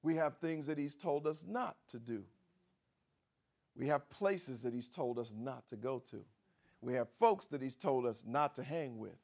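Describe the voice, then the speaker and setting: A man preaching a sermon as pastor, with a repetitive cadence that swings from loud outbursts to hushed asides. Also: mid-range voice, a little slow.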